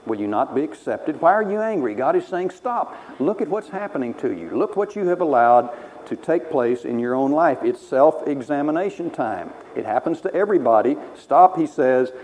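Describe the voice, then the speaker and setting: A man preaching a sermon, animated, acting out the lines he quotes. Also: mid-range voice, a little hiss or hum, low-quality recording. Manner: animated, voices quoted speakers dramatically.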